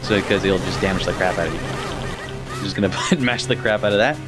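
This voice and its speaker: A man's voice: low voice, quick pace, low-quality recording. A young man giving casual, profane gameplay commentary with laughing asides. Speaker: let's play commentator. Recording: game music under the voice.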